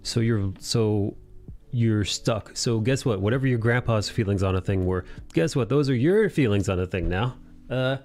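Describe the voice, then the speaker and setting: A young man hosting a casual anime discussion podcast, recapping scenes animatedly and jumping into quick character voices. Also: lowish voice, darkish tone. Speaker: podcast host.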